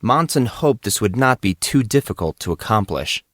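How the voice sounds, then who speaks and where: A man narrating an audiobook in a steady, measured reading voice. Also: lowish voice, no echo, studio quality.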